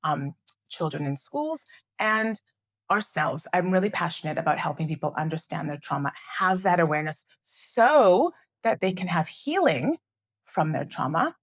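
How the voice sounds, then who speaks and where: A middle-aged woman, an educator and trauma researcher, giving a flip chart lesson to camera in an earnest, animated way with frequent rhetorical checks. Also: lowish voice, normal speed.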